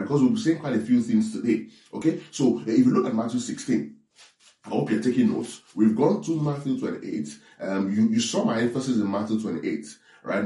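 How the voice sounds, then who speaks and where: A man's voice: fairly low pitch, dark tone. A man preaching an online sermon, restarting and repeating words and often checking in with listeners. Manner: repetitive, keeps asking "right?". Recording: echoey room, distant mic.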